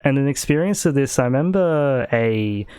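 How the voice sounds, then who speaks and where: A man's voice: mid-range voice, animated, normal speed, a little mellow, smooth, dry recording. A man with an Australian accent hosting a casual podcast, telling rambling stories and laughing often. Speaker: podcast host.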